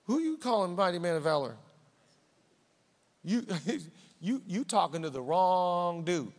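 A man's voice: high-pitched, lively intonation, measured pace. A man voicing a doubtful ordinary man who scoffs at being called mighty. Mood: incredulous. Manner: incredulous, slangy. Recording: reverberant hall.

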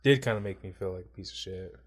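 A man co-hosting a casual podcast, telling profane stories with animated retellings. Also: fast talker. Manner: acts out quotes with big pitch jumps. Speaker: podcast co-host. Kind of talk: casual chat.

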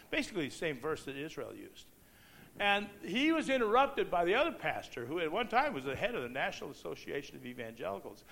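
Male preacher, impassioned sermon delivery, ringing bright tone in a slightly raised register, booms scripture then drops low to tell stories. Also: big pitch swings, creaky. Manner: swings from loud, raised proclamation to hushed storytelling; reads scripture slowly and emphatically.

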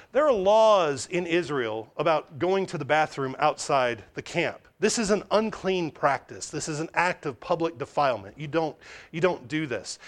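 A man with a notably high voice delivers a sermon, working through a scripture passage line by line. He reads aloud, stops to explain, repeats and restarts words, and slips into brief acted asides as he goes. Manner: expository preaching with frequent restarts and acted asides. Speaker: pastor.

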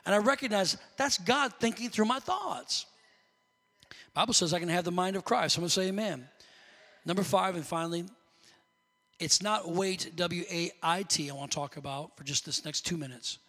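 Man, pastor, impassioned sermon, very high voice, bright tone. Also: a little fast, gravelly, in a large hall. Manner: impassioned preaching, rising to shouts.

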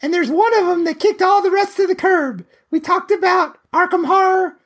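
A squeaky, twangy cartoon boy, put on by a man who brags and proclaims every line as if it settles the matter. The voice sits far above a normal speaking voice and drawls its words. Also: normal speed, a bit bright. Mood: boastful. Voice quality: high-pitched, twangy. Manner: over-the-top proclamations. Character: boastful high-pitched hammy cartoon boy. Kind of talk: playful put-on voice on a gaming stream.

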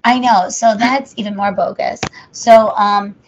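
A woman's voice: mid-range voice, steady tone, a little slow, a little hiss or hum. A woman co-hosting a podcast, chatting casually in a rambling, jokey way. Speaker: podcast co-host. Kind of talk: casual chat. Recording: muffled lo-fi audio.

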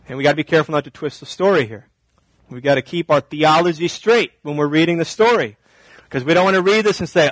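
Animated male preacher, dry close sound. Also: fairly high pitch, a little fast, no echo. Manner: animated, swings from loud emphatic to quiet. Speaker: pastor. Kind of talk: sermon.

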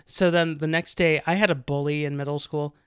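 A man's voice: fairly high pitch, a little fast, clean tone, no room sound, studio quality. A young man co-hosting a podcast, chatting casually and acting out quoted lines as he tells stories. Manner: animated storyteller, acts out quotes. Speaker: podcast co-host. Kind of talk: casual chat.

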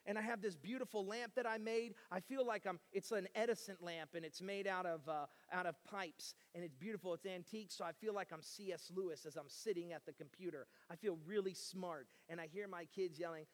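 Male preacher, high voice, animated and dynamic, long hall reverb. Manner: animated, swings between loud and hushed, acts out voices. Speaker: pastor. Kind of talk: sermon.

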